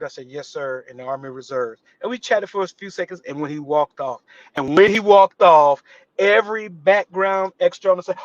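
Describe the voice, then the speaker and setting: A man's voice: on the high side, moderate pace, no room sound, highs cut off. A man, an actor guest on a live interview show, telling a story and acting out the voices of the people in it. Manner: animated, acts out quotes with voice shifts.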